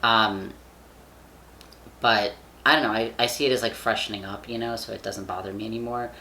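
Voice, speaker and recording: A man's voice: lowish voice, steady tone, normal speed, gravelly, pushed and bright, slight background noise. A young man vlogging in casual chat, rambling with lots of fillers and casual swearing. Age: young adult.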